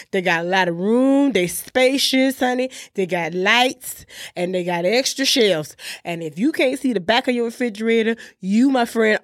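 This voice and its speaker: A woman's voice: mid-range voice, no echo, clean studio sound. A woman radio host on an emphatic, scolding rant, calling listeners "honey" and pressing "okay?". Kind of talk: ranting monologue. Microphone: studio microphone.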